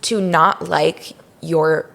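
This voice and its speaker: Blunt young woman with a lowish voice. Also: steady tone, extremely slow, gravelly, fairly bright tone. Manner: blunt, indignant reactions and questions. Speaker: podcast co-host. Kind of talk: casual chat.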